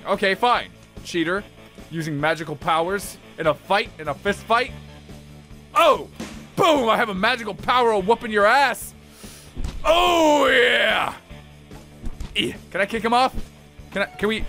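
Young man, gaming commentary, high bright voice, wild swings in pitch, cursing, faint music behind. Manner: excitable, yelling and swearing at enemies. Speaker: gaming channel host. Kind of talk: let's play commentary.

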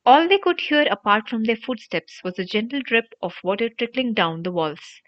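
A woman reading a storybook audiobook aloud in an animated, expressive narration. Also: a little high, moderate pace. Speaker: audiobook reader. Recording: dry, dull lo-fi audio.

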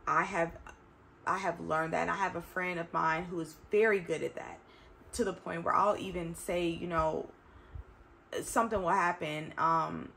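A woman's voice: lowish voice, steady tone, normal speed, gravelly, a bit bright, slight background noise. A woman in her thirties talking to her viewers in a chatty, emphatic way, often calling them y'all. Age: 30s. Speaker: vlogger. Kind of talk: reflective casual talk to camera.

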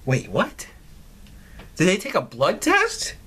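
A man hosting a gaming channel, doing loud, profane let's play commentary with lots of incredulous outbursts. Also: sits high, wildly swooping pitch, slow, a little hiss or hum. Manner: loud, swearing, incredulous, laughs a lot.

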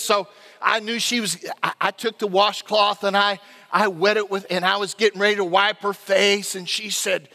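Male pastor, animated storyteller, self-mocking sermon, ringing sanctuary sound. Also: high-pitched, normal speed, in a large hall.

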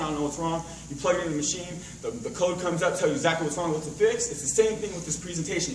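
A man's voice: fairly high pitch, a little hiss or hum. A man training a sales team at a meeting, casual and rambling, full of fillers and analogies, recorded from far off in an echoey hotel room.

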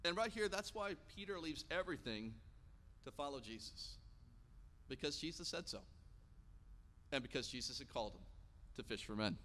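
A man in his thirties preaching a sermon in church, telling stories and acting out the quotes with lively energy. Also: on the high side, normal speed, pauses often. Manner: animated storytelling, acting out quotes. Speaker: pastor. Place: church sanctuary. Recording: long church hall reverb.

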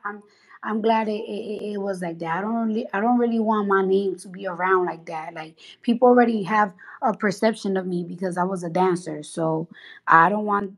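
A woman's voice: medium pitch, fairly quick, creaky. A woman with a New York accent talking on a casual livestream, blunt and profane, heated and rambling with many restarts. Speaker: social media livestreamer.

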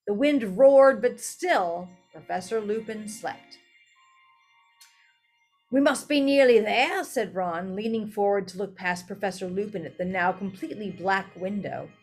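Woman, storybook narration, expressive, mid-pitched, occasional self-corrections, faint music underneath. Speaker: audiobook reader.

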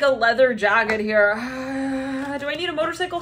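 A woman gives a casual tarot reading, rambling, giggling often, laughing a lot, and swearing at times. Her voice is high with a steady tone and moderate pace, heard over a noisy background.

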